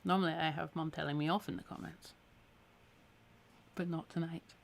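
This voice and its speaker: A Scottish woman leads a live-streamed needle felting tutorial, chatting and encouraging viewers as she works. Her low-pitched, creaky voice holds a steady tone at normal speed, sounding a little tired after a week of talking.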